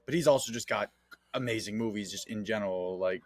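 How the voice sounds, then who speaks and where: Fast-talking young guy, casual movie chat. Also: on the low side, no room sound. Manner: loose, swears a lot, many "like" fillers. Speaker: podcast co-host.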